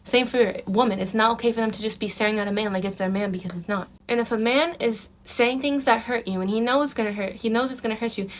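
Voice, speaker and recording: A woman's voice: on the high side, fast, hardly any pauses, slight background noise. A young woman talking casually in a dating advice vlog, emphatic and repetitive, calling the viewer honey. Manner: emphatic, repeats herself, calls the viewer honey. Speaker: vlogger giving dating advice.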